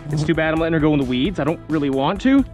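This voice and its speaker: A young man from Saskatchewan, vlogging casually while wading in a weedy creek, often breaking into excited exclamations. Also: a little high, racing, faint music behind. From Saskatchewan, Canada. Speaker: fishing vlogger. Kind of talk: casual outdoor vlog narration. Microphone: phone camera.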